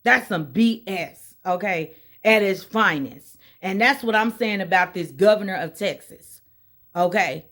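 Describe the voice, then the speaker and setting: A woman's voice: medium pitch, expressive, unhurried, fairly bright tone. A woman from Indiana, USA, venting on her vlog in an exasperated rant, repeating her points over and over. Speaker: vlogger. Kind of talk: casual opinion vlog.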